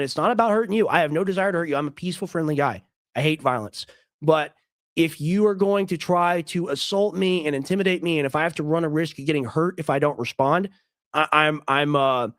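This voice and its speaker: Male streamer, emphatic and repetitive, slightly high voice, dry close mic. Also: fairly bright tone, no echo. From United States. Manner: emphatic, argumentative, repeats himself. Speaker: streamer host. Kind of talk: casual commentary on a clip.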